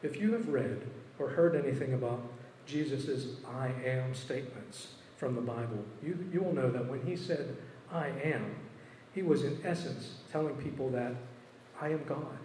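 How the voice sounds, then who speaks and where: A man's voice: medium pitch, moderate pace, darkish tone, a little hiss or hum. Man preaching in an echoey hall. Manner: earnest, reads scripture aloud with emphasis. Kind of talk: sermon with scripture reading. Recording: roomy reverberant hall with faint ambience.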